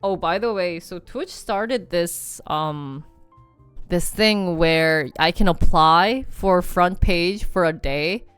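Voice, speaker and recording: A woman's voice: lowish voice, slow pace, fairly bright tone, clean tone, dry recording, soft background music. A woman streamer in a rambling, casual chat who laughs easily and wanders into asides.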